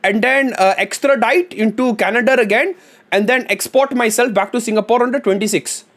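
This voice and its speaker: Man performing a prim high-voiced traveler, stiffly formal, answers like a rehearsed script. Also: quick pace, a bit bright, husky, exaggerated voice. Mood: over-polite. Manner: stiff, formal, comically over-polite. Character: overly polite young male traveler at immigration.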